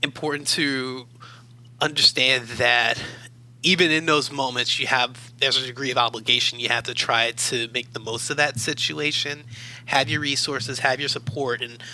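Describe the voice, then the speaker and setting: A man from Baltimore speaks as an interview guest in a calm, measured way. His tone is strikingly bright and sharp-edged, at a middle pitch. He tells his stories thoughtfully and steadily. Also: rough recording. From Baltimore, USA. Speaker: guest, academic adviser. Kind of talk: reflective interview storytelling.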